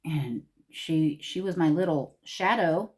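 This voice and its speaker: A middle-aged woman with a somewhat low voice rambles through a personal story, talking straight to camera. Her delivery is casual and conversational, circling back on her own words as she goes. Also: slow pace. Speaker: beauty vlogger.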